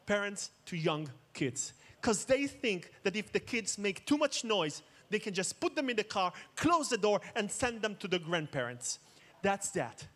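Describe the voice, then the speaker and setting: A man's voice: high voice, very animated, a little slow, fairly bright tone. A man giving a keynote talk, mixing jokes with dramatic storytelling. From Israel. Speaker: conference speaker. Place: outdoor festival main stage.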